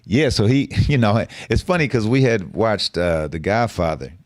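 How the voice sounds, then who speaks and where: A man's voice: lowish voice, animated, moderate pace, darkish tone, no room sound, clean studio sound. A middle-aged man from the Bay Area, a guest telling his story in a blunt, profane, streetwise way. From San Francisco Bay Area. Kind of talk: casual storytelling interview.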